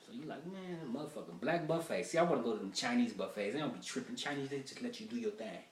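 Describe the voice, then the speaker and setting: A man running through stand-up material in an animated, profane, rambling way. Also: medium pitch, very fast, slight background noise. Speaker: stand-up comedian. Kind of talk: stand-up rehearsal. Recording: roomy echo, mic far off.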